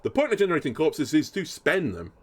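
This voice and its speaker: A man giving card review commentary as a content creator, animated and thinking aloud as he goes. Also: fairly quick, slightly rough. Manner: animated, swooping pitch, thinks aloud with fillers.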